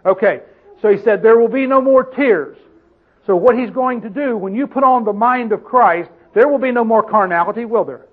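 A man preaching a Bible-teaching sermon, often asking his listeners questions and slowing down to stress the scripture he quotes. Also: very high-pitched. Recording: tinny phone-like sound.

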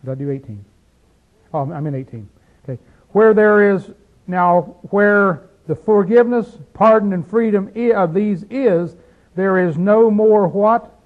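A man teaching a Bible study like a sermon, fervent, firing rhetorical questions and dropping from loud to hushed. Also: high voice, a little slow, narrow, tinny audio.

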